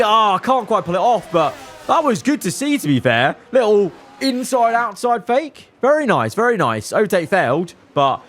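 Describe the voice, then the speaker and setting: A man commentating his own racing management game, cheering on his drivers and swinging between calm analysis and elated outbursts. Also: sits high, moderate pace, a little hiss or hum. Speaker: gaming YouTuber.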